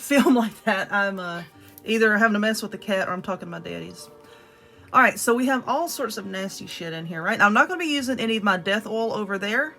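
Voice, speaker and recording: A woman with a Southern drawl talks viewers through a spell at home, blunt and cheerfully profane. Her voice is bright and sharp with a mid pitch. Faint music plays behind her. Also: vocal fry. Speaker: witchcraft video host. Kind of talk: casual spell tutorial. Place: home room.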